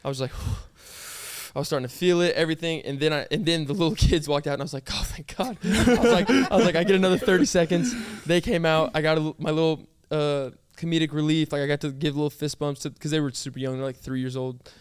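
A man's voice: fairly high pitch, quick pace, few pauses, clear, resonant tone, no room sound. A young man, a groom, chatting casually and recounting his wedding day with lots of fillers. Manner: chatty storytelling with many fillers. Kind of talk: casual chat.

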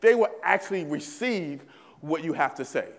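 A man's voice: on the high side, animated, normal speed, in a large hall. A male pastor preaching a sermon in a church, emphatic and repetitive, often checking in with the congregation. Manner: emphatic preaching, repeats phrases, asks "right?" often. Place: church sanctuary.

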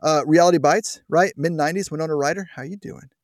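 A man's voice: fast, no echo, clean studio sound. A man hosting a political talk radio show, mocking the news with wry, sarcastic asides. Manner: sarcastic, wry asides, big pitch swings. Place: radio studio.

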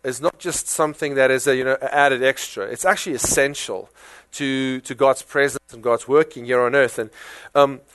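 A man with a South African accent preaching a sermon in a conversational, animated way, full of rhetorical questions. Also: medium pitch, normal speed, dry recording. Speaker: pastor.

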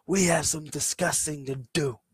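A man's voice: steady tone, normal speed, slightly rough, no echo, clean studio sound. A man voicing a defiant wrestling champion who earnestly confronts a rival in a raised voice. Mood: indignant. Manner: earnest, pleading, raised pitch.

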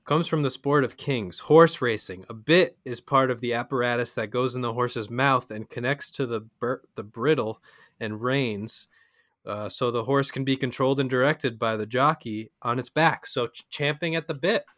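A man's voice: mid-range voice, moderate pace, fairly bright tone, dry recording, studio quality. A man with an American accent co-hosting a podcast, chatting casually and easily, now and then reading definitions aloud. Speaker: podcast co-host. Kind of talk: casual chat.

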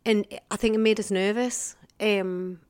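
A woman's voice: mid-range voice, fairly even intonation, unhurried, a little mellow. A middle-aged woman, a podcast guest talking candidly in casual conversation and laughing often.

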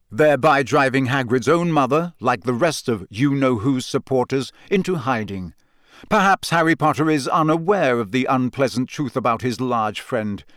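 A man narrating an audiobook, his voice rising and falling in a lively, expressive way. The recording is dry and close, with no room sound. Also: mid-range voice, no echo. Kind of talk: scripted narration.

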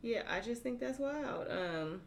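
A woman's voice: fairly high pitch, lively intonation, a little slow. A woman co-hosting a casual chat, reading out news and pushing back firmly in debate. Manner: firm, pushes back in debate. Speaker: podcast co-host.

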